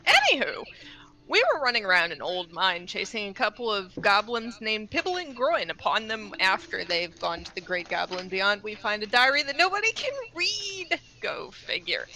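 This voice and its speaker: A woman casually recapping a tabletop game session, with wry, deadpan asides. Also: mid-range voice, normal speed, noisy background.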